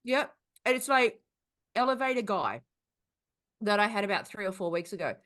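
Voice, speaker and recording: An Australian woman telling stories on a podcast, with a lively voice that swings widely in pitch. She swears freely and laughs often. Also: normal speed. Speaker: podcast co-host. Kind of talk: casual chat, storytelling.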